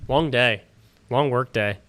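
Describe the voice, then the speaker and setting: Bright, clear-voiced man hosting a stream. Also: medium pitch, slow pace. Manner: loose and chatty, talks to chat directly, swears casually. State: tired, yawning. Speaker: fantasy football livestream host. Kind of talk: casual livestream chat. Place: home studio.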